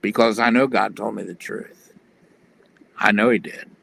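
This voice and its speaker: A man's voice: fairly low pitch, steady tone, unhurried, fairly bright tone, a little hiss or hum. A man telling his personal testimony in an earnest, plain-spoken way on a video call. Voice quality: gravelly.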